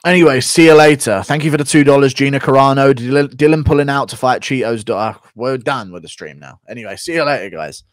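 A man's voice: mid-range voice, fairly quick, no room sound. A man hosting a live stream, reading out donations and answering chat questions in a blunt, profane, rambling way. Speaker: streamer host.

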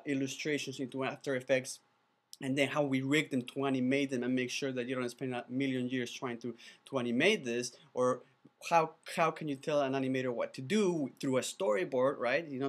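A man who is not a native English speaker, pitching his video course in an enthusiastic, chatty way, often restarting his words. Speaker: animated video producer teaching a course. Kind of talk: casual course pitch to camera.

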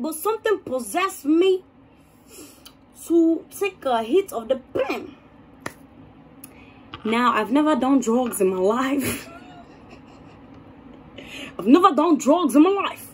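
A young woman vlogger telling a story in a casual, animated and dramatic way. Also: sits high.

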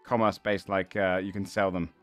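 A man's voice: sits low, little pitch movement, a little fast, no room sound, faint music behind, lightly acted. A man voicing a brash, crude male shopkeeper who haggles and swears in a raised, theatrical voice during a tabletop game. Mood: haggling.

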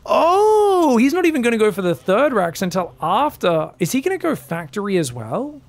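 An Australian man casting a live strategy game, chatting and joking with his viewers between plays and bursting into excited shouts. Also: high-pitched, brisk. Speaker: esports caster. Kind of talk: live game commentary and chat banter.

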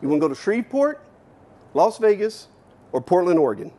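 Man putting on a high drawling Texan country boss. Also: sing-song, a little fast, mellow. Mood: folksy, commanding. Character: gruff older Texan country boss, blunt and jovial.

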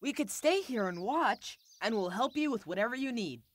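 A woman's voice: a little high, expressive, normal speed. A woman voicing Milo, a cheeky, upbeat young animal boy in a children's cartoon. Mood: friendly.

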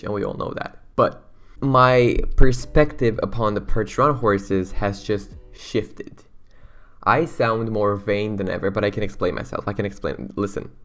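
A young man giving excitable, slangy, rambling commentary on a video game as its YouTuber host. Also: lowish voice. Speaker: gaming YouTuber. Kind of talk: casual gameplay commentary.

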